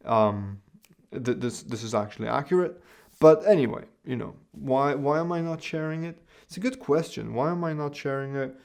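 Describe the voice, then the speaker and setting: A man's voice: medium pitch, darkish tone. A man in his thirties casually recounting a personal experience to camera, rambling a little and repeating phrases as he tells the story. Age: 30s. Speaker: video creator.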